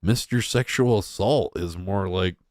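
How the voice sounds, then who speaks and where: A man's voice: deep voice, a little slow, darkish tone, no room sound, studio quality. A young man giving casual, crude and mocking reaction commentary as a streamer.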